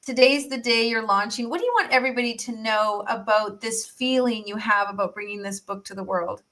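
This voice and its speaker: A bright, fairly high-pitched woman hosts an interview. She gushes with praise in an effusive, upbeat way, piling on compliments and pushing listeners to act. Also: a little fast, low-quality recording. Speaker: host. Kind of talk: enthusiastic promotional interview talk.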